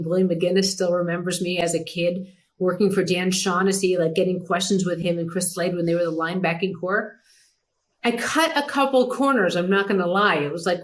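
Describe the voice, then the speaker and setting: A middle-aged woman hosting a podcast and telling career stories in a relaxed, animated way. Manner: animated, mimics others in a higher pitch. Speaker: podcast host. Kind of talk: casual storytelling chat.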